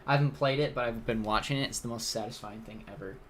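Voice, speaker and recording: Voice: mid-range voice, quick pace, a bit bright, slight background noise. A live streamer hosting a casual gaming stream, rambling in a chatty way with laughs along the way.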